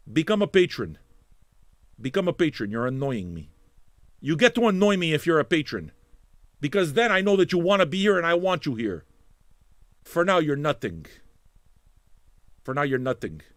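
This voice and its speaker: Hosting a live music stream, a man working as a streaming radio DJ curses, rambles and jokes around with viewers' messages in a casual way. He goes from animated to suddenly loud to a low mumble, and the recording is clean studio sound with no echo.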